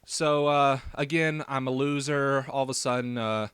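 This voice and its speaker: A man's voice: medium pitch, steady tone, moderate pace, fairly bright tone, smooth, no room sound. A young man with a faint rural Southern American accent, talking in a rambling response video with lots of fillers and restarts. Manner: hesitant, many fillers and restarts. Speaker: YouTube vlogger.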